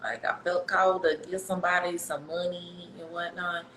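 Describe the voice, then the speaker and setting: A woman's voice: on the low side, normal speed, reverberant, a little hiss or hum, poor audio. A woman chatting casually about faith on a podcast, acting out her prayers as she tells her stories. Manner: animated storytelling, acts out her prayers.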